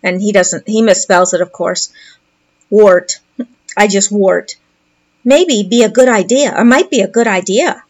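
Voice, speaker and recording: A woman's voice: mid-range voice, unhurried. A woman commentator reading posts aloud and commenting on them in a sarcastic, mocking way.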